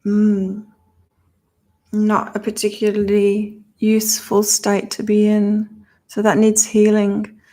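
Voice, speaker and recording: A woman's voice: mid-range voice, darkish tone. A woman in her fifties with an accent halfway between British and Australian, chatting on a live stream while giving psychic readings to viewers. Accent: mix of British and Australian. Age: 50s. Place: home in southern Thailand.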